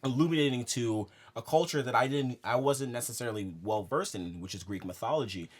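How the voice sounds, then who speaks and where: A young man co-hosting a casual film podcast, animated and laughing as he makes his points. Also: mid-range voice, a little fast. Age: young adult. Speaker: podcast co-host.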